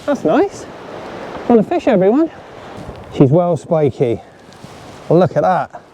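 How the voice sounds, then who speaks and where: An excitable man with a fairly high voice, talking to a camera set up on the beach. His chat to his viewers is casual and lively. Loud waves and surf roll in the background of the outdoor recording. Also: takes it slowly, pauses often, slight background noise. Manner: chatty, excitable, talks straight to viewers. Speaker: fishing vlogger. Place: outdoors on a sandy shore at low tide.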